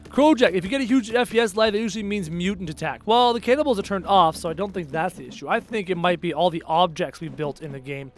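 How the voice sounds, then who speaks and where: High-voiced sarcastic Canadian streamer. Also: male voice, fast, few pauses. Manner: chatty and sarcastic, answers chat aloud. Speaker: game streamer. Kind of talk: casual live-stream chat while gaming.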